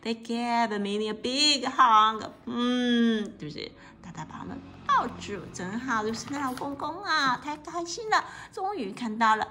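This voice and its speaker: A woman reading a picture book aloud to a child, explaining the pictures in a lively way, often laughing and asking questions. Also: on the high side, normal speed, hardly any pauses, slight background noise. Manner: lively, asks a child questions, mixes in English.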